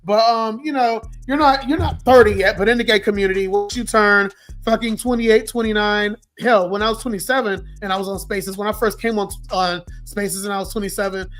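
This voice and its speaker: A man in his twenties with a hoarse, worn-out voice from a sore throat, telling a story in an animated, profane, ranting way. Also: high voice, fairly quick, soft background music. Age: 20s. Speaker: social media host. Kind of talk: casual storytime rant.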